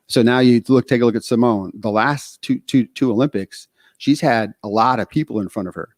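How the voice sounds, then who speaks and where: A man from Texas co-hosting a podcast, talking casually in animated stretches, full of fillers and restarts. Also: mid-range voice, fairly quick, no room sound, studio quality. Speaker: podcast co-host.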